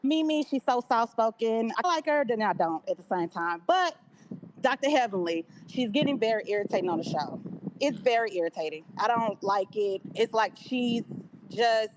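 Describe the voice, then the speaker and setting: A female caller with a slightly high voice, rattling off blunt opinions in a rambling way. A faint hiss of line noise sits behind her. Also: expressive, normal speed. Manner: blunt, rambling, says "anywho" often. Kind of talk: call-in opinions on a reality show.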